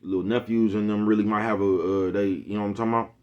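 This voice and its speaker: A middle-aged man with a low, deep voice talks straight to his viewers. His delivery is laid-back and full of street slang. He keeps throwing in asides to his listeners as he goes. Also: little pitch movement, very fast, a little mellow, lo-fi sound. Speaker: vlogger. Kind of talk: casual monologue to viewers.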